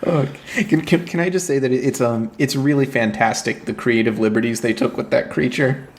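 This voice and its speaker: A man's voice: mid-range voice, normal speed. A young man co-hosting a casual podcast, answering trivia with hesitant, wry remarks and stammers. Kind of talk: casual chat.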